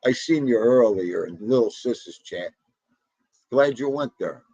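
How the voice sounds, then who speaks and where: A man's voice: medium pitch, expressive, unhurried, warm tone, slightly rough, no echo, highs cut off. A middle-aged man, hosting a livestream and chatting casually and chattily with viewers, laughing as he goes. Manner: chatty, laughing, talks back to the chat. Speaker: livestream host. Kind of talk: casual chat with live viewers.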